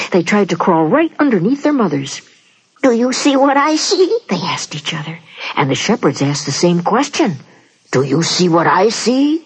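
A woman narrating a children's Bible story, animated and asking the young listener questions with dramatic pauses. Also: medium pitch. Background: guitar music.

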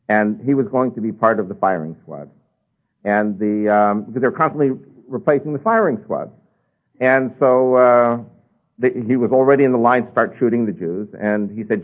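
A man telling his personal testimony to listeners in an animated storytelling way, with sharp rises and drops in his voice. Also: medium pitch. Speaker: speaker giving a testimony. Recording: tinny phone-like radio broadcast.

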